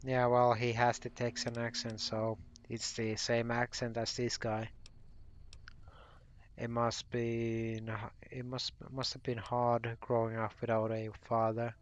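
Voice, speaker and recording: A man's voice: medium pitch, monotone, takes it slowly, clean tone. A man casually commenting while playing a video game, rambling and often correcting himself. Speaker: gaming channel host. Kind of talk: casual let's play commentary.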